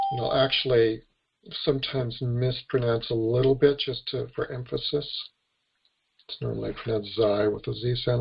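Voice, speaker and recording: A man's voice: mid-range voice, little pitch movement, moderate pace, vocal fry, slightly rough, muffled recording. A man with an American accent teaching an online webinar class, patiently spelling out letters and their sounds. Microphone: computer microphone on a webinar.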